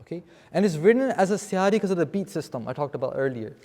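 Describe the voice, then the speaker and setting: A man's voice: on the high side, lively intonation, quick pace, darkish tone. A man teaching a seminar on scripture vocabulary to a live class, explaining terms and often checking with "okay?". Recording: long reverb in a hall.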